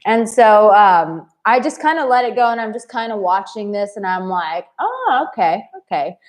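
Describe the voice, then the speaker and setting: Blunt, animated woman dating coach. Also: medium pitch, normal speed. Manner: animated and blunt, acts out quoted voices. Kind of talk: casual storytelling to camera.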